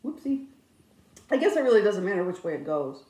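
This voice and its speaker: A woman in her fifties chatting casually about her crafts, with self-mocking, animated storytelling. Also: mid-range voice, brisk. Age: 50s. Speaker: cross-stitch vlogger. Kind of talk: casual chat. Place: indoors, her craft room. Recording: echoey room.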